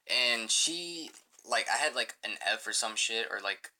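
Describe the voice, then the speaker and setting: A man's voice: mid-range voice, lively intonation, unhurried, pushed and bright. A young man rambling profanely through a casual storytime as a gaming channel host, full of filler words.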